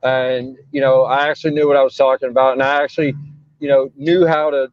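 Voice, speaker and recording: A man's voice: mid-range voice, flat delivery, fairly quick, smooth, highs cut off. A man, a wrestling referee, talking casually in an interview over a breaking-up mobile call, rambling with lots of fillers and restarts. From Texas. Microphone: phone while traveling.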